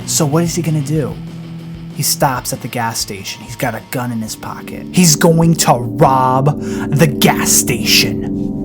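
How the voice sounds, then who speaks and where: A young man telling a story in a casual podcast style, dramatic and full of swearing. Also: medium pitch.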